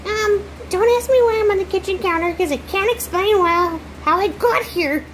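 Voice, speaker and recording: A woman's voice: very high-pitched, normal speed. Woman doing a squealing, jittery little girl doll. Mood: scared. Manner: squealing, breathless chatter. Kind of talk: doll role-play. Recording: noisy home recording.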